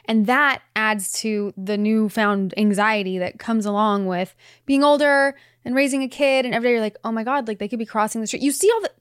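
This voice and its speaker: A woman's voice: on the high side, brisk, clean tone, no room sound, studio quality. A woman in her forties chatting candidly as a podcast guest, laughing often and swearing casually. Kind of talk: casual chat.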